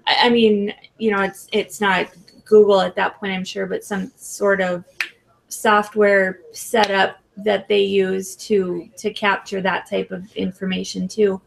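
A woman with a gravelly, fry-laden voice chats on a podcast. She talks hesitantly and casually, circling back and restarting her sentences. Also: medium pitch, flat delivery, a little slow, slight background noise. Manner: hesitant, many restarts and fillers. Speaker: podcast co-host. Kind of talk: casual chat.

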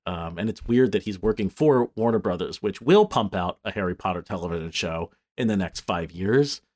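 A man chats about films on a podcast. His pitch rises and falls a lot as he talks, and he drops casual swear words along the way. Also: normal speed. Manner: animated, swears, swings pitch for mock quotes. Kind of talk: casual chat.

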